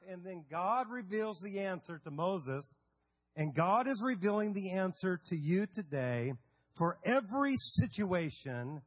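Male preacher, high voice, stammers and repeats, long hall echo. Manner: repetitive, stammering restarts, acts out voices of biblical figures. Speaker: pastor. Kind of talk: sermon.

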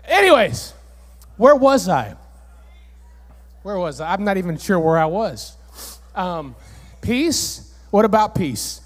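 High-voiced male pastor, animated sermon. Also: slow pace, long pauses. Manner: animated, rising to near-shouts on key points. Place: church sanctuary, on stage. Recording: church hall reverb.

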